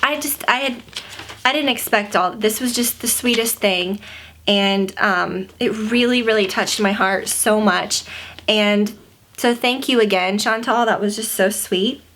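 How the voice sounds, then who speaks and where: A woman's voice: mid-range voice, unhurried, a bit bright, a little hiss or hum. A pregnant woman in her twenties giving a casual, gushing vlog update at home, near tears and full of fillers. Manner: chatty, gushing, many fillers. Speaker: beauty vlogger.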